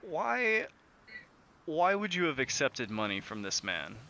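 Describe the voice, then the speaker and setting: A man's voice: fairly high pitch, sing-song, unhurried, pushed and bright, pitched above the performer's own voice, exaggerated voice. A man doing a stern commanding ship captain. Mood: shouting.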